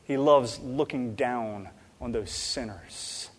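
A man preaching a sermon in a church, animated, swinging between loud emphasis and quiet asides. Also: medium pitch, takes it slowly, breathy edge. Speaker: pastor. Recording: long reverb in a large hall.

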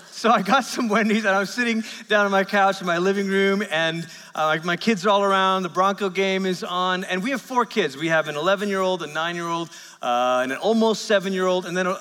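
A man's voice: high voice, pushed and bright. A man in his thirties preaching a sermon, telling stories in a conversational way with self-deprecating asides. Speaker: pastor. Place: church sanctuary. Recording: church hall with long reverb.

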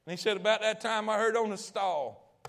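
A man preaching a sermon, telling a story in a folksy, colloquial way, swinging from loud to hushed and asking the audience questions. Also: sits high, normal speed, creaky, a little hiss or hum. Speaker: pastor.

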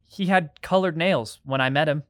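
A young actor playing an earnest, shy teenage boy in a radio drama, eager but quickly defensive. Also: on the high side, a bit bright, close to an everyday voice. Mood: curious.

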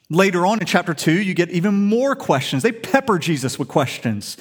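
A man's voice: high voice, lively intonation, fairly quick, hardly any pauses, slightly rough. A man preaching a sermon in an emphatic storytelling way, full of rhetorical questions. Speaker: pastor.

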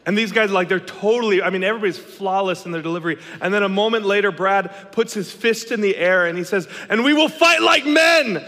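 A man in his thirties tells a story with animated, dramatic energy, acting out each quote. His voice sits a little high and comes across bright and forceful. A long hall reverb trails behind every line. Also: fast, hardly any pauses. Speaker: speaker telling a story. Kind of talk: storytelling talk.

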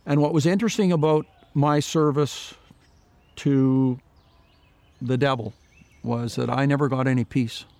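A man's voice: mid-range voice, steady tone, a little slow, warm tone, dry recording. A man giving an earnest personal testimony in an interview, retelling past conversations with many "I said" tags. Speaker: guest sharing his faith story.

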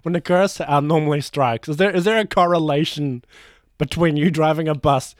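A man guest on a comedy podcast, talking in a halting, stammering way. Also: a little high, no echo, clean studio sound. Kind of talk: improvised comedy chat.

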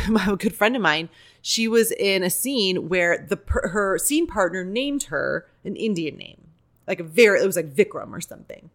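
A woman's voice: medium pitch, fairly bright tone. A woman speaking as a podcast guest and improviser, telling candid, digressive stories with plenty of "like" and "you know". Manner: chatty, digressive, many fillers like "like" and "you know"; acts out quoted voices while telling stories. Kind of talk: candid conversational storytelling.

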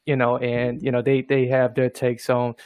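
A man hosting a casual interview, his voice dry and close with no room around it. He speaks at a middle pitch, hesitant and halting, piling up "you know" and "um" before he gets to the point. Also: completely flat delivery, a little mellow, clear, resonant tone, no echo. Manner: hesitant, many fillers and restarts, brief backchannels. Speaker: interviewer, host.

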